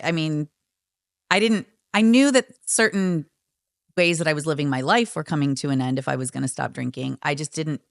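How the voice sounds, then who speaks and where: A woman with a low voice and a gravelly edge speaks as a podcast guest, reflective and candid. The sound is dry and close, with no room around it. She brings back past conversations by acting out the other voices. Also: dry recording. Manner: reflective, acts out quoted friends and therapist. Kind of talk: candid storytelling.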